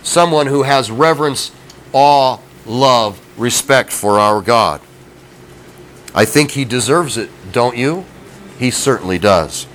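A man's voice: medium pitch, animated, slow, fairly bright tone, low-quality recording. A middle-aged man preaching a sermon in a folksy, conversational way, often asking his listeners questions. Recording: faint background noise.

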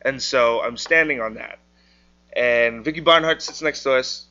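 Young man, testimony, bright clear tone, casual storytelling, dull lo-fi sound. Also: medium pitch, normal speed. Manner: casual storytelling, acts out quotes. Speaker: church member sharing a testimony. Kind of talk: personal testimony. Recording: dull lo-fi recording.

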